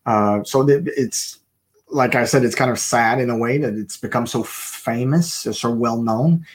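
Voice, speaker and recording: Man talking with halting restarts. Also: mid-range voice. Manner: hesitant, many fillers and restarts. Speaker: co-host. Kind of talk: casual chat on a Christian broadcast.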